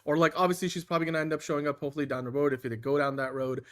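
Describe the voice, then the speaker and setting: Male podcast co-host, somewhat high voice, loose and chatty. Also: little pitch movement, racing, a bit bright. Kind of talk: casual chat.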